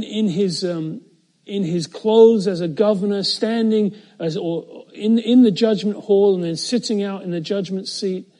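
A middle-aged man preaching verse by verse, with a mellow, darker tone that sits a little high for a man. He is earnest and builds to louder, higher peaks when he quotes a line of scripture, then drops low and quiet to reflect. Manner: earnest, rises in pitch and volume when quoting scripture, dramatic pauses. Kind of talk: expository sermon.

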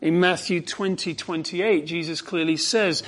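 Preaching an expository sermon in a slightly high voice, this man takes an unhurried pace. He is fervent and emphatic, dropping into hushed passages before building to ringing emphasis.

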